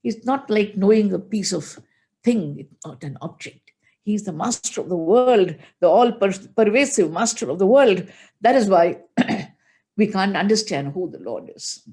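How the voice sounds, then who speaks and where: A woman's voice: mid-range voice, animated, a little slow, a little mellow. An older woman delivering a religious discourse, telling stories with emotional emphasis and chanting verses. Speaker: spiritual teacher.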